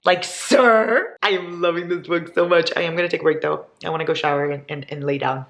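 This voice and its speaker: A woman's voice: fairly low pitch, fairly quick, few pauses, fairly bright tone. A young woman in her twenties, chatting casually and dramatically in a reading vlog from home. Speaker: book vlogger. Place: indoors at home.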